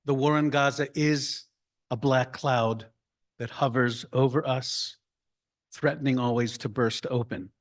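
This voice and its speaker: A man, a rabbi, giving a slow, deliberate report and story to his congregation at an annual meeting. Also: mid-range voice, fairly even intonation. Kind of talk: congregational address. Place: room filled with people.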